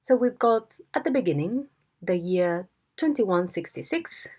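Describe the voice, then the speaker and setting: A woman teaching a phonetics lesson in a slow, deliberate way, demonstrating tones. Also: medium pitch, lively intonation, a little mellow, breathy edge. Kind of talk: video lesson instruction.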